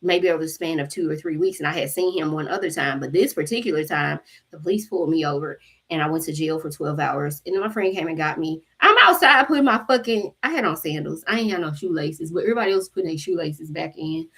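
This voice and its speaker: A woman hosting a spiritual channel, telling a story to her viewers in an animated, profane way and acting out the voices of the people in it. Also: deep voice, quick pace, slightly rough. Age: adult mother. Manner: animated, profane, acts out quotes.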